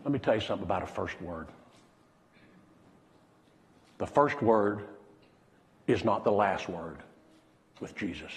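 A man preaching a sermon as pastor, pausing dramatically and dropping to a hush when he quotes someone. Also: sits low, big-room sound, a little hiss or hum.

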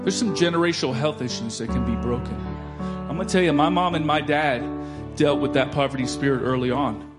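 A man preaching a sermon, swinging from loud declarations to soft storytelling. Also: medium pitch, a little fast, over loud music. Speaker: pastor.

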